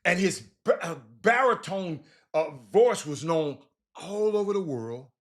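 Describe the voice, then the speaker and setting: A man hosting a casual history talk, animated, stumbling and repeating words as he addresses his listeners directly. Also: high voice, measured pace. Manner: animated, repeats words, talks to audience as y'all. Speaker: host.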